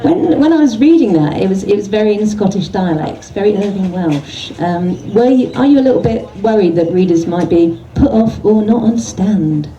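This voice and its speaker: A woman's voice: medium pitch, lively intonation, normal speed, few pauses, dark tone, slight background noise. A woman in the audience poses a hesitant question, filled with ums. The sound is distant and dull, and the crowd is audible around her. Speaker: audience member.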